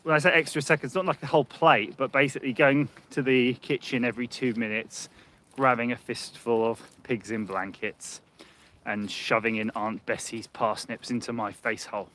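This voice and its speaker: A man's voice: mid-range voice, fairly even intonation, moderate pace, a bit bright. A man livestreaming casually on a handheld phone while walking outdoors along a muddy path, rambling and chatty, laughing often. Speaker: livestream host. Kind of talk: casual live chat.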